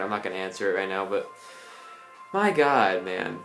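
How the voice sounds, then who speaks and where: A man's voice: deep voice, expressive, normal speed, fairly bright tone, soft background music. A young man giving a casual, angry ranting review, swearing a lot. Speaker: wrestling reviewer. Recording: roomy echo.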